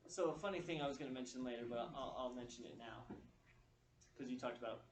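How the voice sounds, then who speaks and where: Addressing an audience of students in a big, reverberant hall, this fast-talking motivational speaker with a mid-range voice relates stories and performs other people's words with animation. The recording is distant and echoey.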